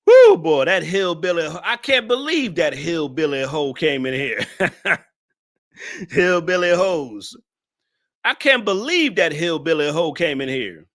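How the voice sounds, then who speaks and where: Loud, laughing male stream host. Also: fairly high pitch, sing-song. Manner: laughing, mocking roasting of a viewer; loose, slangy talk with drawn-out exclamations. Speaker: live-stream show host. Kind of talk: casual live-stream commentary.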